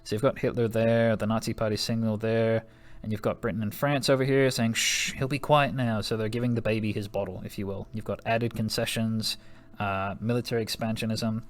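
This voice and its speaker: A man's voice: lowish voice, flat delivery, a little fast. A young American man teaching a history lesson in a chatty, joking way, laughing often and dropping slang asides. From United States. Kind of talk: recorded classroom lesson.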